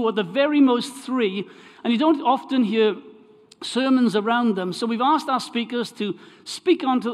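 A Welsh man preaching to a congregation, chatty and prone to restarting his phrases before reading scripture aloud. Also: very high voice. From Wales. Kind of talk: sermon introduction and scripture reading. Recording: long hall reverb.

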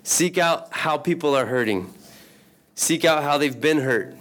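A man preaching a sermon in a conversational way, often asking the listeners questions and adding "right?", reading scripture aloud and letting his voice slow and sink on the solemn lines. He clears his throat now and then. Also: animated, fairly bright tone. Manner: conversational, asks the congregation questions and adds "right?"; reads scripture aloud, slowing and dropping low on solemn lines.

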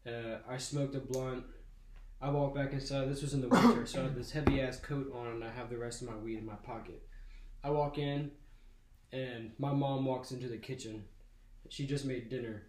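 A man's voice: medium pitch, steady tone, normal speed, a little mellow. Profane young man telling a story, echoey room. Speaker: podcast host. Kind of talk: casual storytelling. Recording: echoey room with faint noise.

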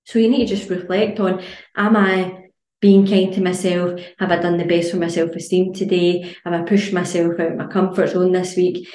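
A woman's voice: fairly low pitch, level tone, moderate pace, a little mellow, echoey room. A woman hosting a casual solo podcast as a fitness coach, blunt and chatty with plenty of swearing.

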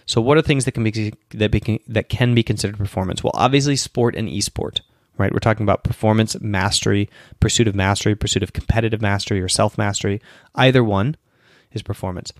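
A man's voice: on the low side, fairly quick, dry recording, studio quality. A man hosting a solo question-and-answer show, explaining at length with restarts and asides, tired and yawning early in the morning. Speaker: podcast host answering questions. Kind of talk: casual solo Q&A talk.

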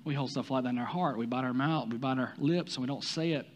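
A man's voice: medium pitch, fast talker. A man with a Southern US accent preaching a sermon, talking to the congregation with many rhetorical questions and some stumbles. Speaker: pastor.

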